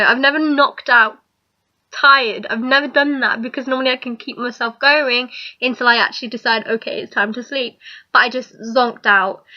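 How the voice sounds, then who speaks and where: Young woman, high bright voice, casual giggly vlog chat, lo-fi sound. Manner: chatty, giggly, rambling. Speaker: vlogger. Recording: dull lo-fi recording.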